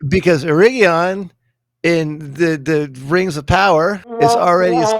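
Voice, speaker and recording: A man's voice: on the high side, measured pace, dry recording, studio quality. A man co-hosting a podcast, joking and bantering in casual chat. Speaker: podcast co-host.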